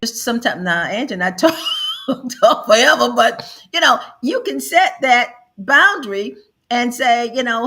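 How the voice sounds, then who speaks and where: A woman's voice: on the high side, animated, moderate pace, sharp tone. A middle-aged woman hosting an advice show, speaking emphatically and acting out quoted family members as she counsels. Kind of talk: counseling talk.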